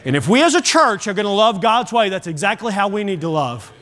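A middle-aged man preaching a sermon to his church, telling animated stories and often repeating words as he starts a line. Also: sits high, fairly quick. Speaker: pastor.

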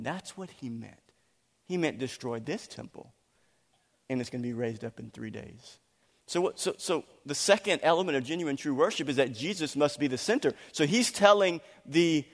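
A man preaching a sermon as a pastor, animated and acting out voices when he quotes people, laughing now and then. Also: on the high side. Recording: long hall reverb.

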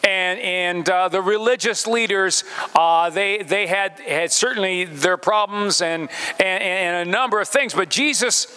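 A man's voice: high voice, unhurried, bright, forceful tone, clean tone, long reverb tail. A pastor preaching a sermon, speaking straight to his congregation and asking them questions as he goes.

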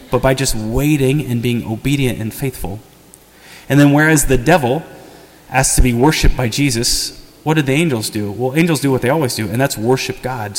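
A man preaching a sermon as parish priest, conversational and earnest, often pleading. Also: mid-range voice. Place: church. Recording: long church reverb.

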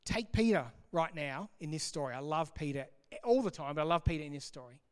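Brief: fairly high-voiced pastor, chatty sermon, long hall reverb. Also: male voice, brisk, smooth. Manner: animated, conversational, jokey.

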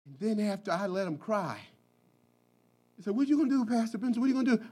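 A male pastor preaching an impassioned sermon, moving between shouted cries and hushed, quiet passages. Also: sits high, lively intonation, quick pace.

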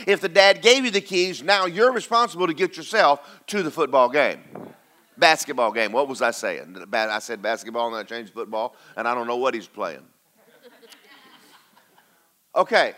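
A man's voice: fairly high pitch, sharp tone. A male pastor preaching a sermon, emphatic and repeating lines for stress as he calls out to the congregation.

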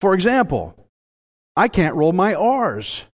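A man's voice: high-pitched, slow. A man with a Texan accent preaching a sermon in a folksy, self-mocking way, laughing at his own jokes. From Texas. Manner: folksy, animated, laughs at himself. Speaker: pastor.

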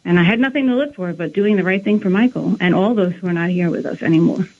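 A woman's voice: lowish voice, fast talker. A woman, around her thirties, tells a personal story as a guest in an earnest, rambling way, often acting out the dialogue she quotes. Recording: narrow phone-like line.

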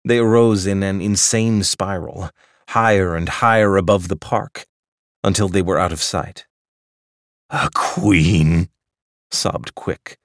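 A man with a very deep voice reads literary fiction aloud, measured and steady in his storytelling. The recording is close and dry, with no room sound around him. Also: no room sound. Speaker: audiobook narrator.

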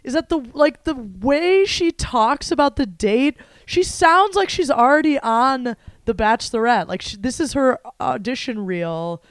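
A woman's voice: sits high, expressive, unhurried, hardly any pauses, dry recording. Wry, sarcastic young woman co-host. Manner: wry, sarcastic, laughs often. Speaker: podcast co-host. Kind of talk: casual recap chat.

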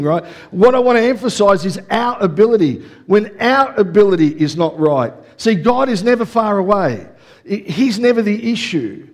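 A middle-aged man preaching a conversational sermon, often checking in with the congregation. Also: high-pitched. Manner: energetic, conversational preaching with audience check-ins. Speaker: pastor.

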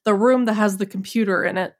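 A woman's voice: medium pitch, fast. A woman co-hosting a casual movie podcast, describing a scene in a wry, matter-of-fact way. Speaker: podcast co-host.

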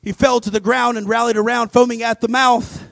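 A male pastor preaching a dramatic sermon, swinging between loud emphasis and hushed asides. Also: very high voice, little pitch movement, fairly quick, vocal fry, no echo. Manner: acts out scripture voices.

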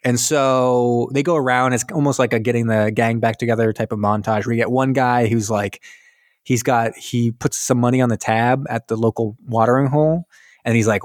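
A man's voice: mid-range voice, steady tone, normal speed, no room sound, studio quality. Rambling young man recapping a movie. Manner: rambling, acts out characters in voices. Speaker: podcast co-host. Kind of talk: casual movie recap chat.

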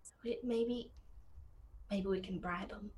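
A woman playing a tabletop game, talking in character in a quick, playful way over an online call. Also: medium pitch, a little mellow, slight background noise. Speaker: player. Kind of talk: in-character role-play chat. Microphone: online call microphone.

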